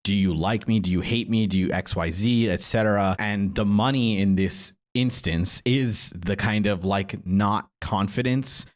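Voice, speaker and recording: A man co-hosting a podcast in casual chat, animated and quick to break into exaggerated quoted voices. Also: fairly low pitch. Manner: animated, swings into excited and mocking quoted voices. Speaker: podcast co-host.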